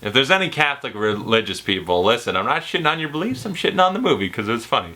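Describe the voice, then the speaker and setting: A man's voice: mid-range voice, very animated, fast talker, hardly any pauses, bright, forceful tone. A young man ranting through a casual movie review, profane and sarcastic, laughing often.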